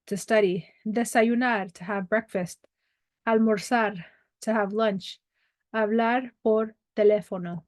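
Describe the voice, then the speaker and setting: A woman's voice: medium pitch, no room sound, studio quality. A woman teaching a Spanish lesson over a video call, reading words and their English meanings, with chatty asides. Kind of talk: online language lesson. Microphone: computer mic on a video call.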